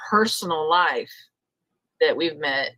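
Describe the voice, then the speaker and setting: A woman's voice: low voice, lively intonation, slow pace, bright, forceful tone, dry recording, rough recording. A woman, a guest chatting casually on a live stream.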